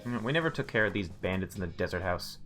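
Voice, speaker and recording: Brief: low-pitched male streamer narrating game text, soft music under. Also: expressive, fast talker. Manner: muses aloud, makes wry asides. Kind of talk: reading game text aloud and commenting.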